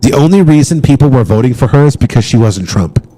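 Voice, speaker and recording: A man's voice: mid-range voice, expressive, fast, mellow, soft background music. A man chatting casually on a live stream, joking and swearing as he rambles.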